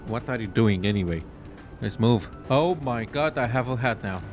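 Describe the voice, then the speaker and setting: A man's voice: mid-range voice, lively intonation, normal speed, faint music behind. A man sarcastically commentating a game as he plays, exasperated and swearing freely. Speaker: gameplay commentator. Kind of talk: let's play commentary.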